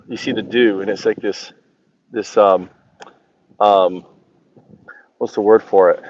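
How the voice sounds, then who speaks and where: Man of mid-range pitch telling a personal story in a halting, word-searching ramble; muffled low-fi recording. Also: darkish tone. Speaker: channel host. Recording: dull lo-fi recording.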